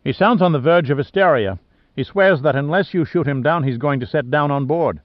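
A man's voice: fairly high pitch, brisk, no echo, lo-fi sound, lightly acted. A man doing an earnest ship's surgeon. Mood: urgent. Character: short male ship's surgeon, earnest and urgent.

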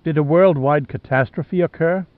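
A man reading the lines of a stranded, desperate Australian woman, soft and pleading. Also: fairly high pitch, normal speed, no room sound, lightly acted. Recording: dry, tinny phone-like sound.

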